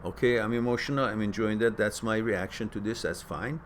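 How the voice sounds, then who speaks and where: A man hosting a question-and-answer stream, giving casual spoken advice that turns animated as he stresses points and repeats words. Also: on the low side, a little fast, slight background noise. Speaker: host answering viewer questions.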